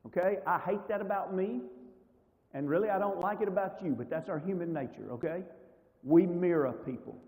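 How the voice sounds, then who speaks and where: Male Bible class teacher, higher mellow voice, chatty with rhetorical questions, long church-hall reverb. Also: normal speed. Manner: conversational, rhetorical questions to audience.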